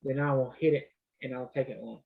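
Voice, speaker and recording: A man's voice: mid-range voice, fairly even intonation, fairly quick, gravelly, narrow, tinny audio, a crowd in the background. A man coaching trading in a loose, conversational way, walking through his charts. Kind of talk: casual live coaching session.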